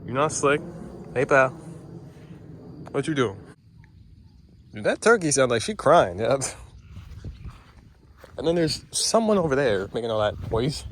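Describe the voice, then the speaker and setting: Chatty man filming outdoors, lively voice. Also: medium pitch, a little hiss or hum. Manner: chatty, talks to the animals, teasing. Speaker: vlogger. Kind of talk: casual vlog chat while walking. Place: outdoors at a farm or petting zoo.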